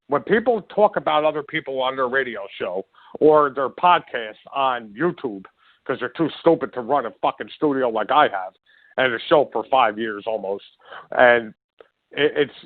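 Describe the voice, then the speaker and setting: A man's voice: medium pitch, dry recording. A man hosting his own podcast, ranting furiously and hurling insults in a rambling, stumbling way. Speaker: podcast host. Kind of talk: angry ranting monologue. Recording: dry, phone-like lo-fi sound.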